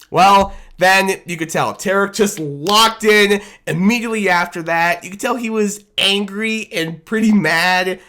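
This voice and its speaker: A man giving a casual, animated recap of his team's loss as a fan commentator, self-deprecating and rambling, talking into a desk microphone. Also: sits high, moderate pace, hardly any pauses. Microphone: desk microphone on camera.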